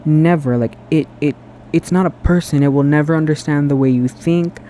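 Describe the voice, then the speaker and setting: Chatty, sassy male vlogger, a bit high and mellow, earnest ramble, phone mic in a bathroom. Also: normal speed, a little hiss or hum. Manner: chatty and sassy, lots of "girl" and "like"; emotional and earnest, self-described sensitive. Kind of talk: casual rambling monologue to camera. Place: bathroom at home. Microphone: phone camera.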